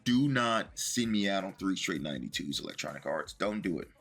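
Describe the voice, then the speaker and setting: A man with a lowish, forceful, bright voice talks viewers through a video game in a relaxed, chatty way. He works through his numbers out loud as he goes, while faint music plays in the background. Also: a little fast. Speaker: gaming video creator. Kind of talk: casual commentary to viewers while opening packs.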